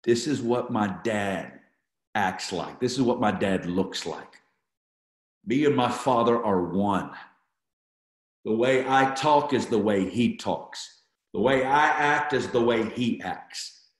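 A man's voice: fairly low pitch, animated, slow pace, roomy sound. A man leading an online Bible study, teaching with fervor and repeating key phrases for emphasis as he talks to viewers.

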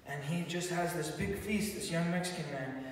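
A man's voice: a little high, normal speed. Man telling his testimony in an echoey hall. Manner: excited, animated storyteller with restarts. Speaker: testimony speaker. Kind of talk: church testimony storytelling. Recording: echoey hall, far mic.

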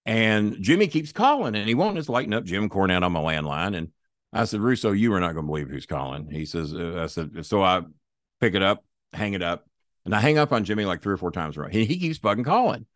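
A man's voice: fairly low pitch, sing-song, a little fast, fairly bright tone, dry recording, clean studio sound. An older man, a podcast guest, telling stories in a blunt, profane, plain-spoken way. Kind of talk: casual storytelling.

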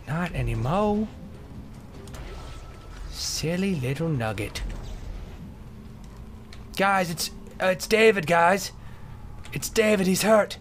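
Goofy, animated man commentating gameplay. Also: a little high, slow, pauses often, slight background noise. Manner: goofy, joking, bursts into shouts. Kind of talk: let's play commentary.

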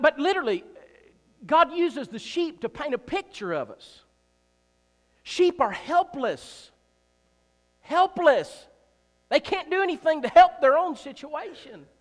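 A man preaching a sermon in a church, emphatic and repetitive, swinging between loud and soft, with joking asides. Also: extremely high pitch. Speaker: pastor. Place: church sanctuary. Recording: reverberant church hall.

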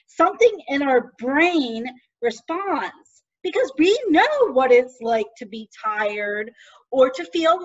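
A woman deacon giving a gentle, questioning children's lesson, speaking in a teacherly way. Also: high-pitched, muffled recording.

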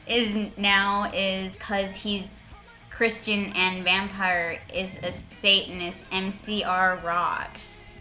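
A woman's voice: medium pitch, sing-song, pushed and bright, faint music behind. A young woman giving a mocking, dramatic reading of fan fiction, with sarcastic asides. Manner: reads slowly, breaks into laughter and sarcastic asides. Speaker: reader and commentator.

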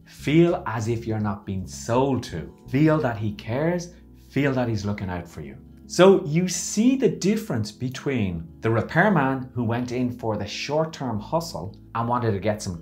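A man who works as a business coach, telling a story in a casual, animated and theatrical way to camera. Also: medium pitch, measured pace, faint music behind. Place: lives in Barcelona.

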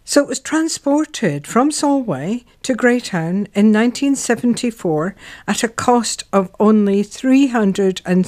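A woman's voice: lowish voice, a little mellow. A woman hosting a local history show, chatting casually and searching for words with the odd filler. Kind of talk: casual radio-style chat.

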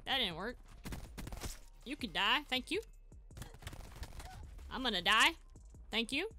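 A woman narrates her own gameplay with an excitable, chatty energy, breaking into yelps and shouts. Her voice sits high and swoops widely between highs and lows, with a bright, sharp edge. She pokes fun at herself as she plays. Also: slow, slight background noise. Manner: chatty, self-mocking. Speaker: gaming channel host. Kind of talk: live gameplay commentary.

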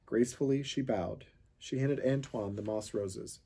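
A man reading a children's chapter book aloud, with steady storytelling narration. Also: medium pitch, a little slow, gravelly, breathy edge. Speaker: reader of a children's novel.

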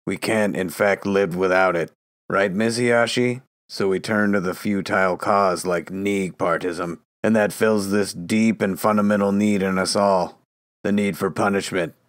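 A fanatical, smooth-talking psychiatrist, played by a man in an audio drama, lecturing in a low voice that swells into a rant. The sound is dry and close, with no room around it. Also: steady tone, a little slow, no room sound. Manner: lecturing, building to a ranting tirade.

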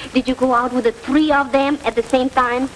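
A woman playing a teasing, high-voiced flirt. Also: steady tone, normal speed, slight background noise, natural voice, poor audio. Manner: playful, teasing, giggly. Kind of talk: 1940s film comedy acting. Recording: old film soundtrack with music.

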